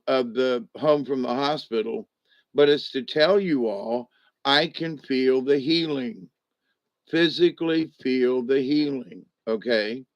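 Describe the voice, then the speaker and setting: A man recovering at home vlogs a casual, upbeat update while lying in a rest position, a little wired on steroids, rambling and restarting often. His voice is mid-range, and the recording is dull, lo-fi, and dry with no room sound.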